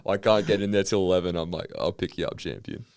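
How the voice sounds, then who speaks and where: A man's voice: low voice, lively intonation, fairly quick, darkish tone. An Australian man co-hosting a podcast from a studio, telling stories in loose, sweary casual banter. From Brisbane, Australia. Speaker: podcast co-host.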